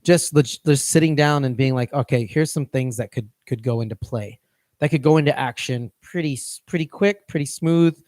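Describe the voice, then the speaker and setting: A man's voice: medium pitch, normal speed, darkish tone, no echo, studio quality. A man co-hosting a fitness coaching podcast, talking casually and rambling, often restarting his phrases.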